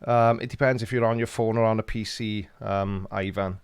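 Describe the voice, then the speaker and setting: A man's voice: on the low side, steady tone, normal speed, slight background noise. A Welsh man hosting a live stream, reading out chat comments with dry, teasing humor. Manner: jokey, dry teasing banter.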